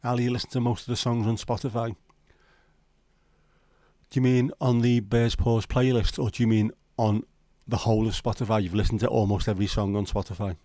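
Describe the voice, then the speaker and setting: This Liverpool host, speaking in a Scouse accent, runs a casual, sweary livestream chat full of rambling banter with viewers. He delivers it flatly and a little fast in a lowish, dark voice, with no room sound.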